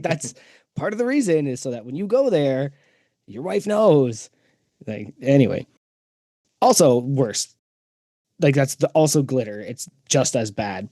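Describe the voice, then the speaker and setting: Man, podcast co-host, casual chat, animated, ranting storyteller, mid-pitched voice, dry close recording. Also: no room sound.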